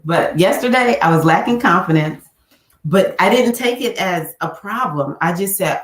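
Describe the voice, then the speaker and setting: A woman spiritual coach chatting casually on a livestream, jumping into a high squeal when she acts out her own quotes. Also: lively intonation, normal speed. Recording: echoey room.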